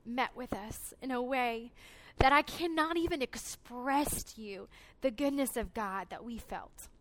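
A woman's voice: a little high, unhurried, a bit bright. A young woman giving an earnest, emotional personal testimony at a conference, with frequent hesitations. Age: 20s. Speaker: conference speaker.

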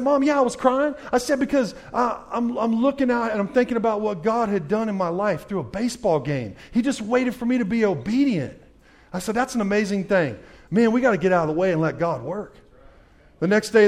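A man with a rather high voice tells his faith story to a live crowd. He speaks emphatically and keeps throwing questions at his listeners. He moves between hushed, low stretches and loud, fired-up bursts. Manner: emphatic storyteller, addresses the audience directly with questions. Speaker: former pitcher giving a faith testimony talk. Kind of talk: testimony talk to a live audience.

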